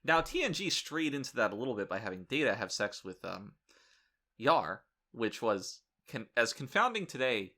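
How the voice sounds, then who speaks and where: A man chats on a casual podcast, his bright voice full of lively pitch swings. He tells stories animatedly and jokes in a crude, irreverent way. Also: normal speed. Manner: animated storyteller, acting out quoted people. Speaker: podcast host.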